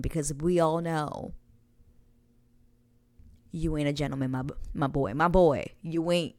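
A woman's voice: low-pitched, steady tone, a little slow, pauses often, darkish tone, no echo. A young woman casually recapping a TV episode, chatty and gushing, sometimes dropping to a whisper. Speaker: show recap host.

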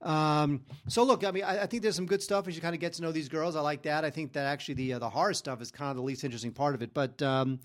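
Podcast guy with a slightly high voice, kinda hesitant, lots of ums while reviewing movies. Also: fast, hardly any pauses. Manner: hesitant, many ums and restarts. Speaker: podcast co-host. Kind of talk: casual film review chat.

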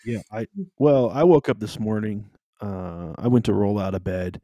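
A man's voice: on the low side, moderate pace, warm tone. A man co-hosting a podcast in casual chat, with dry, self-mocking humor. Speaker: podcast co-host.

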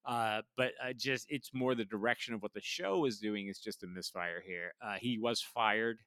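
A man's voice: lowish voice, moderate pace, a bit bright, clean tone, no echo. A man co-hosting a casual podcast chat, rambling with many fillers and frequent laughs. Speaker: podcast co-host. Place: lives in Washington, D.C.

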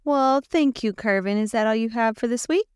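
A woman's voice: fairly high pitch, normal speed, clean tone, no room sound, clean studio sound. A woman co-hosting a podcast, chatty and giggly, with many fillers. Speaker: podcast co-host. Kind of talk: casual podcast chat.

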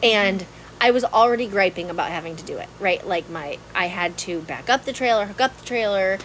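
A woman telling a long story in casual podcast chat, animated and laughing often. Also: mid-range voice, fairly quick, slight background noise, rough recording. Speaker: podcast co-host.

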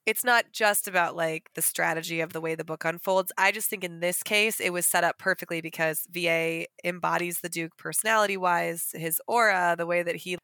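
Woman podcaster, argues her point with energy, bright tone, dry close mic. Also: on the low side, a little fast, hardly any pauses, dry recording. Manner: animated, argumentative. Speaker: podcast co-host. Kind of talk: casual book discussion.

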